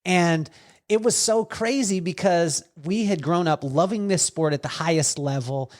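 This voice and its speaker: A man telling stories on a podcast with a somewhat high voice. He talks in an animated way and acts out other people's lines as he quotes them. He sounds like a relaxed guest recounting anecdotes. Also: a little slow. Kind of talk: storytelling conversation.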